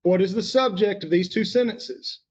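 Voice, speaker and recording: A man's voice: high voice, moderate pace. A man teaches a grammar lesson, working step by step. He patiently puts questions to the class and waits for their answers. The recording sounds a little dull.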